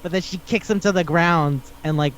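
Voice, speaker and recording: A man's voice: on the high side, fairly quick, fairly bright tone, clean tone. A man hosting a podcast in casual chat, retelling stories animatedly and acting out the characters' lines. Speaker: podcast host.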